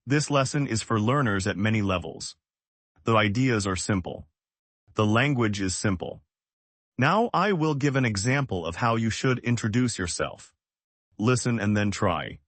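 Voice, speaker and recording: A man from the United States teaching English, speaking slowly and clearly in short, simple sentences. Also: lowish voice, animated, fairly bright tone, dry recording. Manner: slow, clear, short sentences with repetition drills. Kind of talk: slow, simple language lesson.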